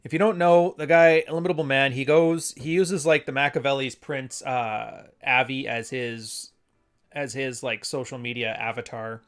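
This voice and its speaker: Guy rambling through his solo podcast, mid pitch, faint music behind. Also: steady tone, moderate pace, clear, resonant tone. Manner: rambling, conversational, self-correcting. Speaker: podcast host. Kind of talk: casual solo commentary with read-aloud passages.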